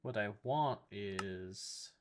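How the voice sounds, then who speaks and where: A man's voice: on the low side, extremely slow, noisy background. A man streaming a game, talking casually to himself and his chat as he looks up recipes. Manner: muttering to himself while looking things up; addresses chat. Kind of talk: casual gameplay commentary.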